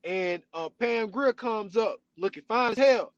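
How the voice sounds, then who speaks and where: A male podcast host tells a story in loose, animated chat, peppering it with "you know what I'm saying". His voice runs fairly high, and the close mic gives it a dry, deadened sound. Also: unhurried, no echo, muffled recording. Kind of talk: casual chat.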